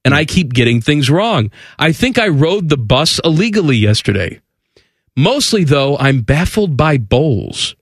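A man's voice: on the high side, very animated, unhurried, no room sound, clean studio sound. A man co-hosting a sports radio show, reading aloud and joking in casual banter with a sarcastic edge. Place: radio studio.

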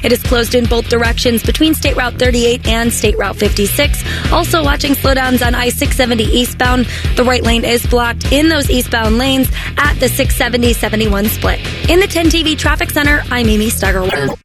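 A woman's voice: on the high side, normal speed. Upbeat woman reading a traffic report. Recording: traffic report over a music bed.

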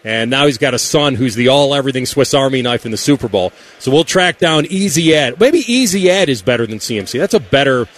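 A man's voice: medium pitch, expressive, brisk, hardly any pauses, fairly bright tone. A man co-hosting a sports radio show from a broadcast booth, telling stories in a laid-back way. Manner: laid-back, storytelling, trails off and restarts. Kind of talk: casual radio banter. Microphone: studio mic.

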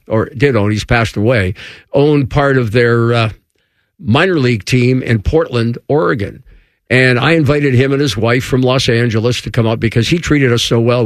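A man's voice: dry recording, studio quality. A man, a former baseball broadcaster, telling an anecdote and acting out the voices of the people in it. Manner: acts out quotes with raised pitch. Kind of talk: animated storytelling.

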